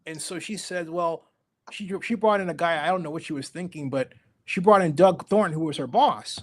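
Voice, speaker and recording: A middle-aged man telling stories as an interview guest, animated and acting out the voices of people he quotes. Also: fairly high pitch, brisk. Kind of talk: storytelling interview.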